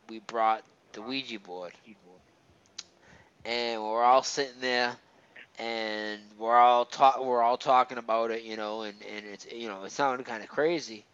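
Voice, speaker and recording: A man's voice: medium pitch, fairly bright tone, smooth. A man telling a personal ghost story in casual chat, rambling, with lots of fillers and restarts. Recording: slightly dull, muffled recording.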